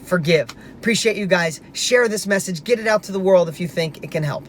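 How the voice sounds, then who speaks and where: A man with a high, brisk, slightly bright voice hosts a motivational talk. He tells a personal story with earnest emphasis, now and then restarting his sentences.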